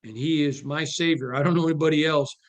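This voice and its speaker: A man's voice: on the high side, steady tone. Emphatic male sports talk host. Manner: emphatic, preachy, quick to joke. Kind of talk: casual live-show sports talk.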